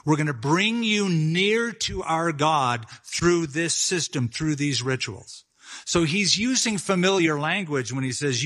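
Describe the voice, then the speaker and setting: Bright, emphatic male pastor preaching. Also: on the high side. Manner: emphatic, conversational preaching with asides. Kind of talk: sermon.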